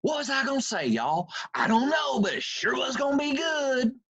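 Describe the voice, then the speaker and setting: A man's voice: big pitch swings, normal speed, a bit bright, husky, no room sound, highs cut off, exaggerated voice. A man voicing a cheery, smiling male megachurch preacher with an East Texas twang. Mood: cheery, folksy. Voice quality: high-pitched twangy drawl.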